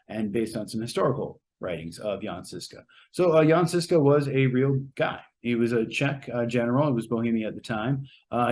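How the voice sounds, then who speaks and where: Man, casual movie review, rambling, hesitant, lots of ums and restarts, middle pitch. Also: darkish tone. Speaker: movie reviewer, show co-host.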